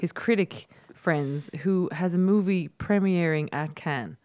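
Woman, film panelist, fairly low voice, gushing casual chat, dry close sound. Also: measured pace, darkish tone, dry recording. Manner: enthusiastic, emphatic.

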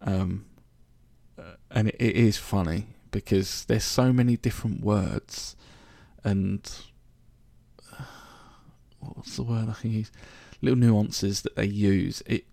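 London bloke for a solo podcast: gravelly, low-ish voice, dry close sound, rambling and jokey. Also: male voice, fairly even intonation, slow pace, dark tone, no room sound. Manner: chatty, joking, rambling. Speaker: podcast host. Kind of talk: casual solo podcast monologue.

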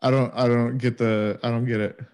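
A man in a casual podcast chat, blunt and profane. He sounds laid-back, and his pitch sits in an ordinary middle range. He cuts in with short, dry reactions. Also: level tone, a little fast, a little mellow, clear, resonant tone. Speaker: podcast co-host.

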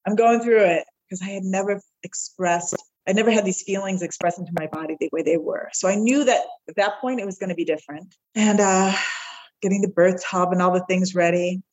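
A woman's voice: medium pitch, a little fast, a little mellow, poor audio. A woman guest on a podcast, telling a heartfelt personal story and acting out the voices of the people in it. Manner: heartfelt, acts out the quoted voices.

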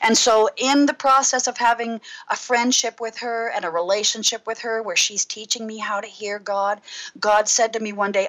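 A middle-aged woman minister, a guest on a talk show, sharing a personal testimony in a casual, lively storytelling way. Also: a little high, normal speed, low-quality recording. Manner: lively storyteller who acts out her own past thoughts.

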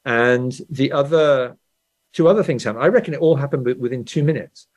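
A man's voice: mid-range voice, brisk. A man from England with a standard Southern English accent, an author being interviewed, explaining ideas and checking in with "right?" as he goes. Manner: explanatory, frequent "right?" tags and restarts. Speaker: author and guest. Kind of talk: conversational interview.

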